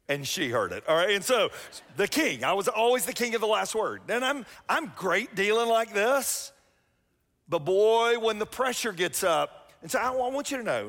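A man's voice: high voice, fairly bright tone. A middle-aged man, preaching a sermon as pastor in a chatty, self-mocking storytelling way. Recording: long reverb of a church hall.

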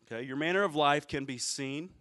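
A man's voice: a little high, a little fast, pushed and bright. A man preaching a sermon in a casual, explanatory way, often checking in with his listeners and asking them questions. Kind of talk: conversational sermon.

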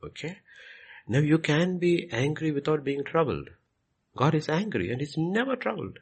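Husky, gravelly man teaching. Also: on the high side, big pitch swings, moderate pace. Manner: repetitive, emphatic, acts out quoted questions. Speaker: pastor answering questions.

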